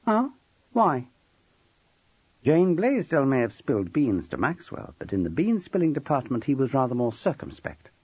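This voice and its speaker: A man reads a novel aloud with a husky voice and a lively, rising and falling delivery. The recording is dull and dry, with no room sound. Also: mid-range voice, brisk, few pauses, no echo. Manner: expressive storytelling. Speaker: audiobook narrator. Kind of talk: scripted narration.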